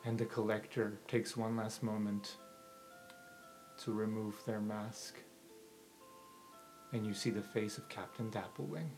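A man running a tabletop game as game master, describing scenes in a lively way that swings from hushed to excited. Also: fairly low pitch, measured pace, long pauses, rough recording. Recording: background music under the voice.

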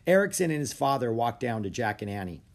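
A man narrating a children's storybook aloud, expressive and animated. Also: mid-range voice, quick pace.

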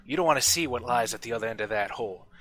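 A man voicing a rough-spoken, wary smith who talks in blunt, folksy, ungrammatical speech. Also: medium pitch, rapid-fire, fairly bright tone, lightly acted. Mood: gruff, insistent.

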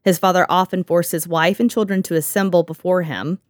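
A woman's voice: lowish voice, fairly even intonation, fairly quick, dry recording, studio quality. Sarcastic woman podcast host. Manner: sarcastic, laughs often. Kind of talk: casual chat.

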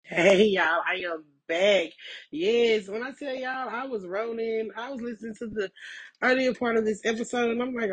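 A woman's voice: a little high, normal speed, slightly rough. A woman, recovering from a cold, talking casually and frankly as a podcast host, rambling and repeating herself. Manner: rambling and frank, repeats herself, keeps asking "you know what I'm saying". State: getting over a cold. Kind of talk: casual personal update monologue.

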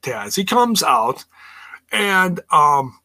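A man's voice: high voice, big pitch swings, very slow, sharp tone. A man hosting a podcast, recapping wrestling in a rambling, blunt way and swearing freely. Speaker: podcast host.

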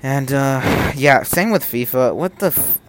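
Young male podcast host, profane and animated rant, mid-pitch voice. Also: measured pace.

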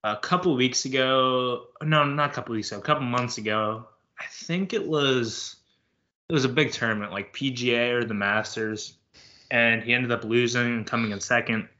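Young man, podcast host, bright tense voice, casual rambling sports talk, muffled lo-fi audio. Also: mid-range voice, normal speed. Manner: loose and rambling, many fillers.

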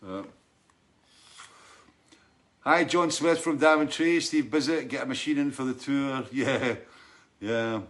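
A man's voice: mid-range voice, takes it slowly, pauses often, a bit bright. A man hosting a live show, chatting casually with many restarts and frequent laughs as he greets viewers by name. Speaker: host of a live online show. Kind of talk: casual chat reading out viewer names.

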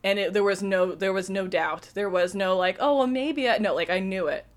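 A woman's voice: mid-range voice, fairly even intonation, moderate pace. A young woman hosting a podcast, telling a personal story in a chatty, emotional way with many fillers. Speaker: podcast host. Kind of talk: casual storytelling monologue.

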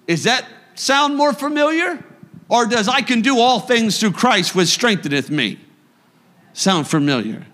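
A man preaching a sermon as pastor in a church, moving between emphatic bursts and quiet reflection. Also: extremely high pitch, very animated, measured pace, in a large hall.

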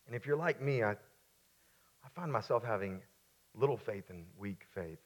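A male pastor preaching a sermon. He is emphatic, repeats key lines, and drops into quieter, casual asides while telling a story. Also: lowish voice, animated, unhurried, long pauses.

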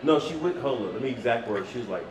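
Laughing man telling a story in a loud room. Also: mid-range voice, quick pace, echoey room, distant mic, a crowd in the background, low-quality recording. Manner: animated, laughing storyteller acting out quoted dialogue. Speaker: podcast co-host. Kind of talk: casual storytelling chat.

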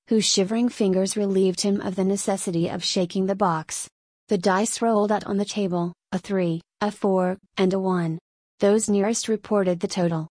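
Woman reading an old adventure audiobook, steady pace, totally dry booth sound. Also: medium pitch, dry recording. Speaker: audiobook narrator. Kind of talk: scripted narration.

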